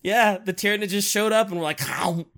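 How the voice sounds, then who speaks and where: A man hosting a casual, rambling chat, animated and giggly, with frequent swearing. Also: sits high, fast talker, smooth.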